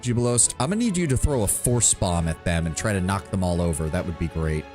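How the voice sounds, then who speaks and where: A man's voice: low voice, fast. A man streaming a video game, chatting casually and swearing often as he plays. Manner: profane, animated, muttering. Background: faint game music.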